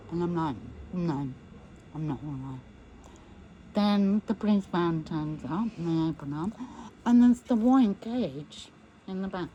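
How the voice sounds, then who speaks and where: A woman's voice: lowish voice, dark tone, slight background noise, poor audio. A woman recounting a personal ordeal as an interviewee, acting out what others said to her. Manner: slow recounting that acts out quoted speech. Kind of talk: personal storytelling.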